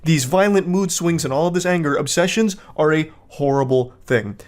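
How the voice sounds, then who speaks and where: A man's voice: fairly high pitch, moderate pace. A man giving casual video commentary in a dry, sarcastic manner.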